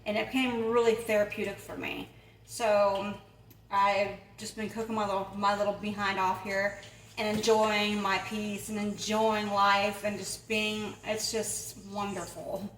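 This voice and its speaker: A woman's voice: mid-range voice, a bit bright, far from the mic. A woman hosting a casual home cooking vlog, chatty and rambling, often laughing. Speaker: home cook and channel host. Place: home kitchen. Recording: echoey room, voice off-mic, faint noise.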